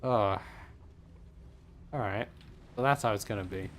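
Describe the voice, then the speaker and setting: A man's voice: lowish voice, unhurried, a bit bright, a little hiss or hum. Wry man commenting on a game. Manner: wry, sarcastic joking. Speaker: let's play host.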